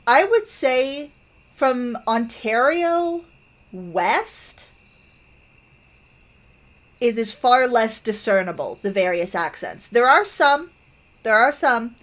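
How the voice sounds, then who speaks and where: A woman's voice: fairly high pitch, very animated, slow, pauses often, a bit bright. Woman, Canadian accent, game streamer, loose thoughtful rambling chat. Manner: rambling, thoughtful, many fillers and restarts. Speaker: gaming streamer. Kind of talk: casual chat while playing a game.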